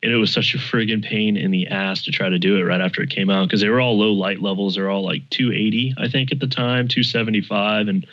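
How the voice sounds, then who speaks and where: A man in casual chat, telling gaming stories with animated energy and casual swearing. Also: fairly low pitch, quick pace, few pauses. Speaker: podcast guest. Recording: dull lo-fi mic.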